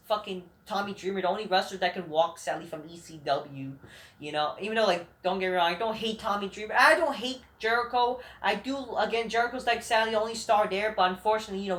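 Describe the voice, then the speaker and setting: A man's voice: high-pitched, bright, forceful tone, slight background noise. Man ranting with heavy swearing. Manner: rambling, heated, full of swearing and restarts. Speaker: vlog host. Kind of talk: profane rant. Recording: roomy echoing room.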